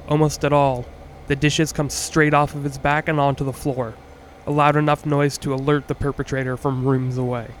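A man hosting a podcast, reading a scripted true-crime story in a measured, earnest way with the odd wry aside. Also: fairly high pitch, a little hiss or hum. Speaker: podcast host.

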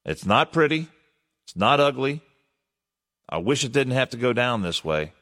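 A man's voice: mid-range voice, big pitch swings, moderate pace, a bit bright, big-room sound. A man hosting a morning call-in radio talk show, casual and folksy as he chats with callers.

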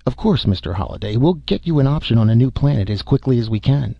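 A man reading the part of a brisk, placating male official, in a dull recording. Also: medium pitch, animated, vocal fry, husky, dry recording. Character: smooth reassuring male bureaucrat. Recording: dull muffled audio.

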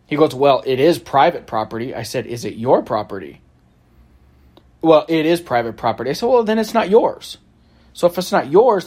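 Man, casual storyteller, wry, sarcastic, laughs a lot. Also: fairly high pitch. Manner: laughs often, animated storytelling with quoted exchanges. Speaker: photographer telling a story.

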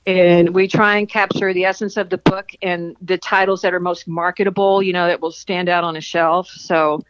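A woman's voice: on the low side, flat delivery, normal speed, clean tone, lo-fi sound. A woman novelist answering interview questions in a friendly, easygoing way, laughing easily. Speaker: romance novelist guest.

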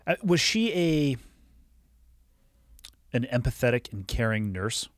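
A man's voice: mid-range voice, big pitch swings, slow pace, no echo, clean studio sound. A man hosting a casual podcast interview. He reacts briefly and asks probing follow-up questions. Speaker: podcast host.

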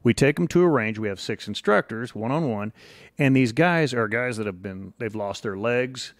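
Relaxed man telling long anecdotes. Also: mid-range voice, moderate pace, no room sound, clean studio sound. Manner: relaxed, rambling anecdotes with quoted voices. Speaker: guest. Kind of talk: casual interview storytelling.

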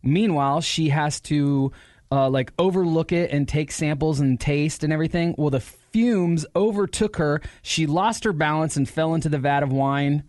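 A man co-hosting a radio show, joking through the news in casual banter and reading stories with deadpan asides. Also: on the high side, normal speed, dry recording, clean studio sound.

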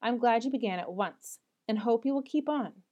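A woman reading aloud voices a gentle, persuasive middle-aged mother speaking to her daughters. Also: on the high side, moderate pace, lo-fi sound, natural voice. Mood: tender.

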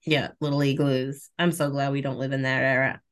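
A woman with a very deep voice talks a little fast, with a loud crowd audible. She co-hosts a podcast, chatting casually and telling animated stories with frequent laughter.

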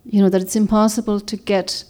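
A woman's voice: mid-range voice, level tone, fairly quick, dark tone. A woman author giving a reflective, rambling talk to a group, often searching for words and restarting her sentences. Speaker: author and speaker.

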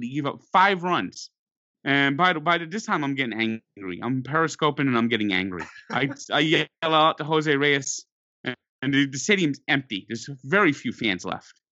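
Fired-up man ranting in a bright voice. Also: on the high side, no echo. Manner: exasperated, animated, stumbling restarts. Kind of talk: ranting sports storytelling. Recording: dull lo-fi dry recording.

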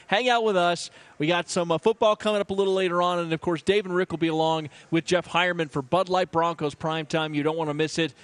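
A man hosting a live sports radio show from a burger bar, upbeat and quick to laugh as he runs plugs and banter. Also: sits high, fairly bright tone, dry recording.

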